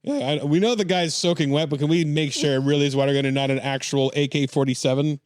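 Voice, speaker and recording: A man's voice: fairly high pitch, fairly even intonation, fast, clean tone, no room sound, clean studio sound. A man hosting a comedy podcast, reading news headlines aloud and joking with puns and frequent laughs. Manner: jokey, laughs often, puns. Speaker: podcast host.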